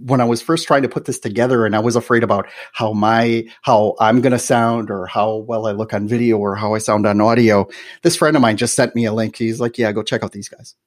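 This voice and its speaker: A man's voice: on the low side, fairly even intonation, a little fast. A man with a Midwestern American accent hosting a podcast interview, telling stories in a chatty way full of "you know" and "right". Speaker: podcast host. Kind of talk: casual interview chat.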